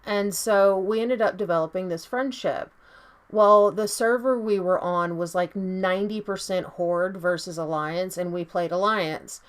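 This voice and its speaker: A woman in her thirties chats to camera with a lowish, easygoing voice, telling a personal story. She rambles, stacks up fillers and restarts her sentences often. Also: unhurried. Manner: chatty and rambling, full of "like" and "you know"; acts out quoted lines in a higher, excited voice. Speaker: beauty vlogger.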